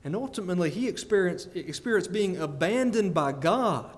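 A man preaching a sermon, animated and often breaking into laughter between emphatic peaks. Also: high-pitched, normal speed. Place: church sanctuary. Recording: long church reverb.

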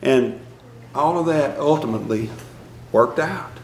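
A man preaches to his congregation in a folksy, self-deprecating way, chuckling as he tells his stories. His voice sits at an ordinary pitch, and it rings through a roomy church hall. A faint hum of ambience lies under it. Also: measured pace. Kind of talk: conversational sermon.

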